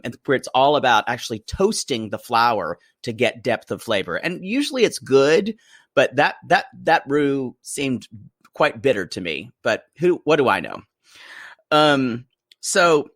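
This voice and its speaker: Recapping a reality show in casual conversation, a man co-hosting a podcast keeps things playful and gossipy and laughs a lot. The recording is dry and studio-clean, and his medium-pitched, expressive voice is fairly bright and a touch slow.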